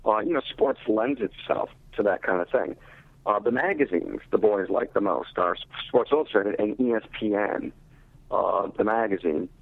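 A man's voice: lowish voice, expressive, creaky. Man on a tinny phone line. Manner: thoughtful, explanatory, measured. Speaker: literacy researcher and teacher. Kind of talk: interview over phone.

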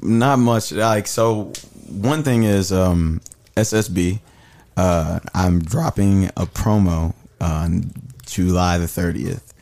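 A guest musician from Dallas chats casually on a podcast about his music, laid-back and saying um often. His voice is deep, steady, and darkish with vocal fry, and he takes his time.

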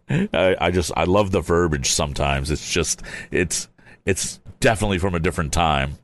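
Low-voiced man reading an old storybook. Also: moderate pace, slight background noise. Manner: chatty, adds wry asides. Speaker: reader. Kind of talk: casual storybook read-aloud.

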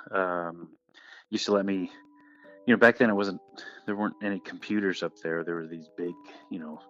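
A man's voice: low voice, highs cut off. A man telling a ghost story about an old theater in a casual, rambling way, with many fillers and restarts.

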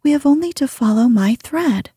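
A woman voicing an eager, brave little princess girl in a breathy whisper, as whispered role-play in a storybook reading. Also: sits high, expressive, moderate pace, dark tone, no room sound, clean studio sound, voice pushed up, full character voice.

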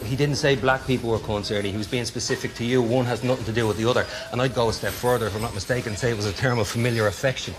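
An actor playing a gruff middle-aged boxing coach, dry and lecturing, from film audio. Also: male voice, medium pitch, steady tone, very fast, hardly any pauses, noisy background, close to an everyday voice. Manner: dry, lecturing, erupts into shouting. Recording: film audio with score underneath.

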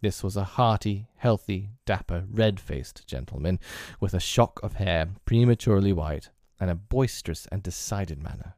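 A man reads a classic novel aloud in a measured, deliberate way. His voice is very low and dark in tone. The recording is dry and close. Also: no echo. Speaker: narrator. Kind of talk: scripted audiobook narration of a classic novel.

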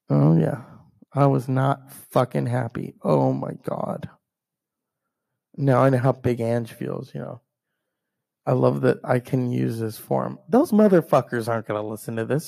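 A man with a gravelly, fry-laden voice rants about family grudges in a solo podcast monologue. His tone is mellow and dark, and he swears constantly. He acts out other people's lines as he tells the story. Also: medium pitch, unhurried. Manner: profane, heated ranting. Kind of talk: ranting personal storytelling monologue.

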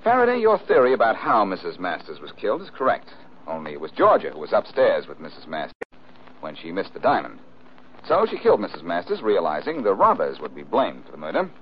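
An actor playing a cool, wisecracking detective in 1940s radio acting style. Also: male voice, sits low, wildly swooping pitch, quick pace. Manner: dry, teasing wisecracks. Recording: dull old radio broadcast with faint hiss.

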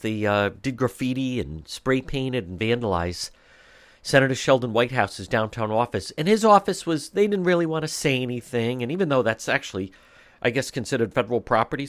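A man's voice: medium pitch, no room sound. A man hosting a talk radio show, delivering an indignant monologue full of rhetorical questions and mocking impressions.

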